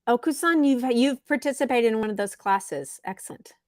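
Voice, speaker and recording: A woman's voice: on the high side, no room sound. A woman teaching English on a live stream, patiently answering viewers' chat comments. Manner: slow, patient, reads chat comments aloud.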